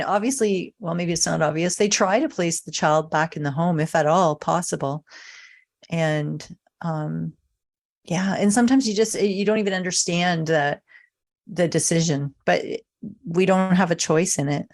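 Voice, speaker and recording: Encouraging woman with a lowish voice. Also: moderate pace, a little mellow. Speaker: podcast guest, foster mother. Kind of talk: casual conversational interview.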